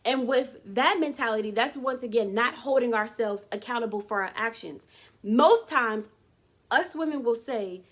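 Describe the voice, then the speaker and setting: A woman's voice: a little high, moderate pace. A woman talking casually to camera, giving her opinions and acting out quoted voices. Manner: animated, dramatic quoted voices. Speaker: vlogger.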